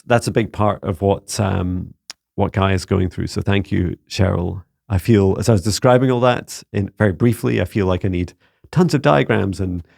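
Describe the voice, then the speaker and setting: Scottish man, gravelly, close dry sound, halting earnest Q&A talk. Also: on the low side, a little mellow, no echo. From Scotland. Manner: halting, earnest, with frequent restarts and fillers. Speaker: psychic mentor answering viewer questions. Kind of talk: casual spoken Q&A.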